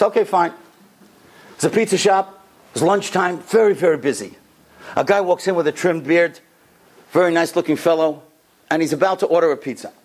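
A rabbi giving a sermon, telling stories with an animated delivery and a voice that climbs on the key points. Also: male voice, on the high side. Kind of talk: sermon storytelling.

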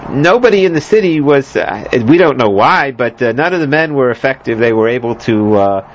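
A Bible teacher with a medium-pitched, expressive voice lectures on scripture a little fast, rambling with plenty of fillers, restarts, and joking asides. The lo-fi recording sounds dull and carries slight background noise.

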